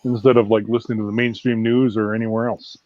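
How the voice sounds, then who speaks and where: A man's voice: lowish voice, level tone, fast, dry recording, highs cut off. A Canadian man hosting a casual live-stream chat, rambling with lots of fillers and restarts. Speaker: host.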